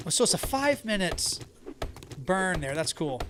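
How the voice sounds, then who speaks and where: A man's voice: high-pitched, sing-song, unhurried, background noise. Chatty man streaming a game live. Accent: neutral American, Southern only when angry. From American South. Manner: chatty, answers chat while playing. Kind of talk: live gameplay chat.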